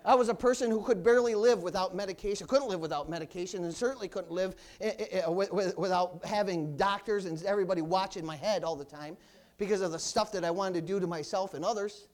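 A male preacher with a strikingly high voice delivers a loud, fiery sermon in a church. He swings into calls of hallelujah and praise the Lord as he drives each point home. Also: quick pace. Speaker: pastor.

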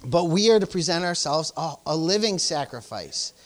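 In an informal sermon, a pastor with an animated mid-range voice speaks at a moderate pace. He scatters "praise the Lord" and "hallelujah" throughout and emphatically presses his listeners.

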